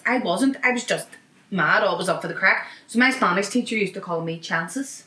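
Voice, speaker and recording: A woman's voice: mid-range voice, a little fast, bright, forceful tone, echoey room. A woman hosting a podcast, chatting casually and bantering with her guest. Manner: chatty, reacts with laughter and banter. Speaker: podcast host. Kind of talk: casual chat.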